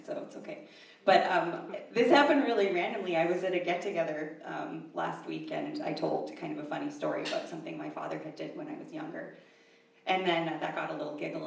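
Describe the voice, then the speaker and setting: A woman's voice: deep voice, gravelly. A woman in her thirties telling a true story at a live event, chatty and self-deprecating with many fillers. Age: 30s. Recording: echoey room, mic far off, faint ambience.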